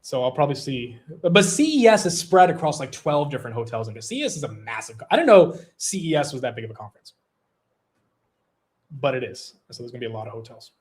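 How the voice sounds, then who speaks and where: A man's voice: mid-range voice, very animated, fast. A young man hosting a long livestream, chatting casually, rambling, swearing loosely, and reading out viewer super chats. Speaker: livestream host.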